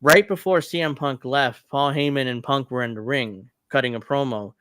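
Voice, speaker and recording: Smooth-voiced man recapping wrestling. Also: mid-range voice, moderate pace, fairly bright tone, no echo, studio quality. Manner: laughs often while recapping. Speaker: podcast host. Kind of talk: casual wrestling chat.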